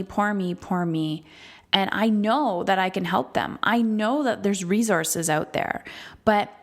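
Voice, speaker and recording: A woman hosting a solo podcast as a coach, speaking candidly and emphatically and swearing freely. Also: mid-range voice.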